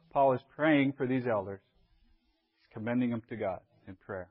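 A man leads a Bible class as an elder, talking in a relaxed, conversational way and often pausing to check that his listeners follow. His voice sits at an ordinary middle pitch. The recording sounds somewhat dull and lo-fi. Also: slightly rough. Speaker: church elder teaching a class.

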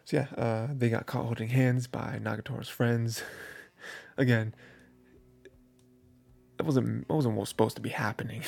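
Gravelly rambling man recapping anime. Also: mid-range voice, steady tone, moderate pace, pauses often, darkish tone. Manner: rambling, filler-heavy, laughs while recounting. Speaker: anime review host.

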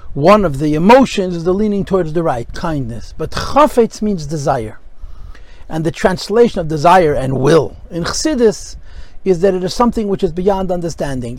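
A man's voice: high-pitched, dry recording, rough recording. A man teaching a Chassidic discourse class, explaining texts with rhetorical questions and many Hebrew terms. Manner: explanatory, mixes Hebrew and Yiddish terms with English. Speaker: Torah teacher.

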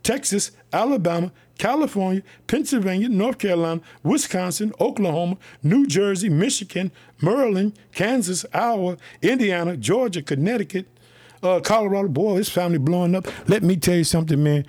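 A man from Chicago preaching a lively podcast sermon, fervent and excited, often shouting his praises. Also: sits high, fast, slightly rough. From Chicago, United States.

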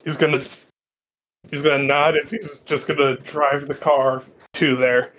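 A man's voice: a little high, flat delivery, unhurried, a bit bright, a little hiss or hum. A man playing his character in a tabletop game, blunt and defiant. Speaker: player. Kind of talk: tabletop role-play.

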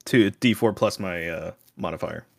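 A man's voice: deep voice, moderate pace, vocal fry, slightly rough, no echo, clean studio sound. A man playing a tabletop game, thinking aloud and hesitating as he decides. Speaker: player.

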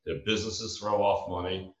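A deep-voiced man in his fifties tells stories and gives advice, acting out the people he quotes. He sounds like he is some way from the mic. The sound is roomy and a little dull. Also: level tone, moderate pace. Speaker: former floor trader and mentor. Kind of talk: storytelling talk with advice. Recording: distant roomy lo-fi recording.

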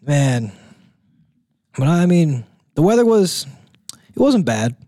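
A young man co-hosting a casual college sports podcast, relaxed and rambling, full of fillers and quick laughs. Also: on the high side, dry recording, clean studio sound. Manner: relaxed, rambling, laughs often, says "like" and "dude".

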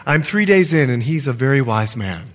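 A middle-aged male pastor preaches a sermon, telling stories and acting out the quotes with lively flair. His pitch is medium and his speed normal.

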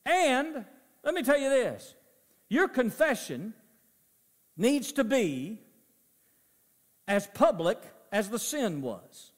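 A middle-aged male pastor preaching a sermon, swinging from loud emphasis to soft, low asides. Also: sing-song, takes it slowly, pauses often. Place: church sanctuary. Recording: long church reverb.

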